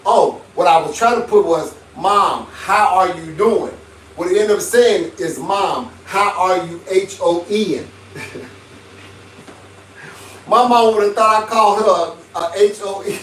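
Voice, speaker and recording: A high-pitched man, talking casually on a livestream and preaching life advice through stories. He sits some way from the mic in a roomy space, with a faint hiss behind him. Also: recorded from a distance. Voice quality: preachy, storytelling, chuckles often. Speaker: livestream host.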